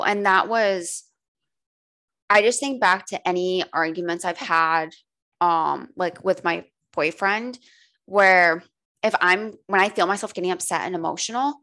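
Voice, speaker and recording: A woman's voice: mid-range voice, fairly bright tone. A woman coach talking candidly in a casual podcast conversation, swearing freely and saying "like" a lot. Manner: candid, frequent swearing and filler "like". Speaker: holistic coach guest.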